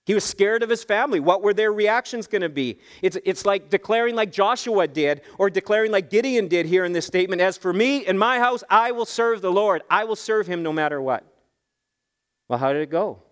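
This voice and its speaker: A man preaching a sermon as pastor, telling the story in a lively way and acting out the voices of the people in it. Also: sits high, brisk, smooth, long reverb tail.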